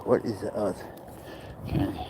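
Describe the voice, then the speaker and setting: A man's voice: lowish voice, level tone, a little slow, warm tone, slight background noise, low-quality recording. A young man chatting casually on a phone livestream, rambling and crude as he answers viewer comments and talks to his cat outdoors.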